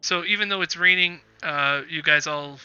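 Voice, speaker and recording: A man acting as game master for a tabletop game, with a very bright, smooth and resonant voice. He rambles through the scene with plenty of ums and uhs. The sound is dull and lo-fi, like a stream. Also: fairly high pitch, normal speed, no room sound. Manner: rambling, with many fillers.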